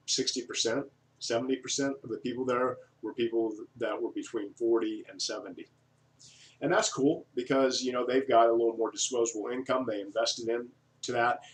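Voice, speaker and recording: A man's voice: fairly low pitch, a little hiss or hum. A man vlogging in a casual, digressive monologue, folksy and full of fillers. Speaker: vlogger reviewing an online business offer. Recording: voice from a distance from the mic.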